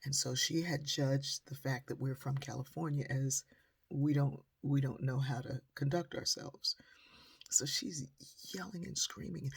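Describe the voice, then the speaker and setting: A middle-aged woman with a husky voice telling a personal story in an animated, dramatic way. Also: extremely low pitch, unhurried. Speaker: motivational speaker.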